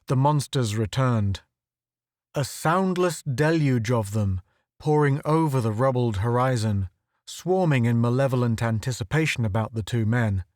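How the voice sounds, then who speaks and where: A man reads a story aloud in a steady, measured narration. His pitch sits in the middle range and the recording is dry and close, with no room sound around it. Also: no echo. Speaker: audiobook narrator. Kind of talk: scripted narration.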